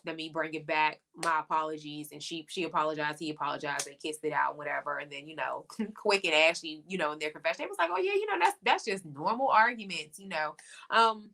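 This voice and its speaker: This is a woman co-host in her thirties with a slightly low voice, chatting casually. She circles back with fillers and restarts and laughs easily as she goes. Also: fairly even intonation, fast, gravelly, sharp tone. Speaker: podcast co-host. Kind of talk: casual chat reviewing a reality show.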